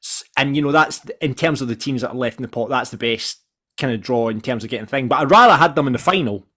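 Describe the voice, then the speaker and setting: A Scottish man co-hosting a casual football podcast, talking in a lively, excitable way and laughing easily. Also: mid-range voice, fast. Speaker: podcast co-host.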